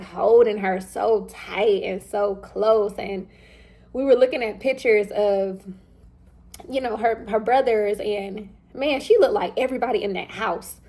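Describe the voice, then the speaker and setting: A young woman telling a personal story in casual chat, animated and informal, acting out the lines of the people in it and talking straight to her listeners. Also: medium pitch, gravelly. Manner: animated, acts out quoted dialogue; chatty and informal, addresses listeners directly. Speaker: vlogger.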